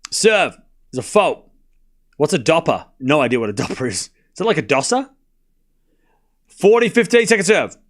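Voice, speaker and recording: A man's voice: a little high, very animated. A man streaming casual tennis play-by-play, calling scores and chatting back to viewers late at night. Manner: chatty, banters with viewers, quick score calls. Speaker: livestream tennis commentator. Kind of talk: casual play-by-play commentary and chat replies.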